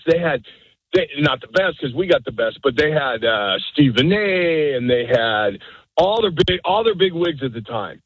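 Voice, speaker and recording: Guy calling in to sports radio, kinda husky, rambles and restarts, slightly high voice, dry. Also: fairly bright tone, no echo, rough recording. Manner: rambling, halting, full of restarts. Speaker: radio show caller. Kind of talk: rambling call-in praise.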